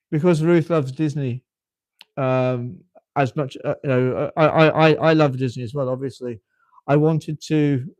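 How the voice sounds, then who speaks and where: Here a UK-born host in his fifties runs a casual livestream chat in a well-spoken British accent, pausing often to repeat himself. His mid-range voice has a darkish, clean tone without any echo.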